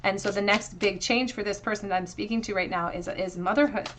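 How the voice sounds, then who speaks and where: A woman giving a tarot card reading to her viewers, earnest and emotional, often pausing with fillers and restarts. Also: mid-range voice, a bit bright, slight background noise. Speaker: tarot reader.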